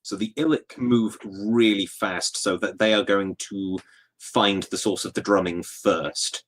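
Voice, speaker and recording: A man playing a tabletop game, calmly describing his characters' moves. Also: lowish voice, measured pace. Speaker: player.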